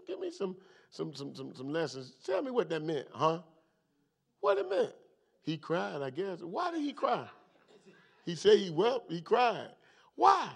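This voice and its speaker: Leading a midweek Bible study, a pastor preaches with animation, his delivery lurching from loud outbursts down to quiet, low asides.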